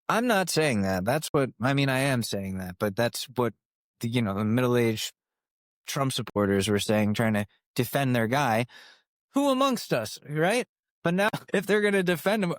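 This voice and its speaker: A man's voice: mid-range voice, lively intonation, normal speed, no echo, clean studio sound. Profane, incredulous male comedy ranter. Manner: incredulous, profane, exasperated ranting. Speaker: podcast host. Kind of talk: comedic rant monologue.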